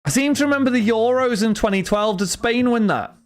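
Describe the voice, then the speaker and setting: A man's voice: extremely high pitch, fairly quick. A young man chatting casually with his live stream chat while opening cards, rambling and talking to friends. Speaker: card break streamer.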